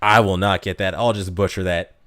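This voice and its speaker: A man's voice: low-pitched, fairly even intonation, fairly quick, a bit bright. A man streaming live, chatting casually with viewers, reading out their comments, laughing often and tripping over his words.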